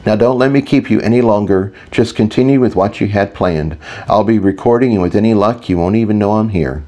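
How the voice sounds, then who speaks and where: A man's voice: fairly low pitch, brisk, dark tone, lightly acted. A man voicing a polite, cheerful male mage recorder in an audiobook. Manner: polite, effusive. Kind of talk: audiobook character voice.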